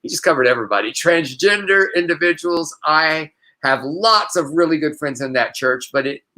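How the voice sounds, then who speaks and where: A man co-hosting a live news chat show, talking in an animated way and laughing easily. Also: on the high side, moderate pace. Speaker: co-host.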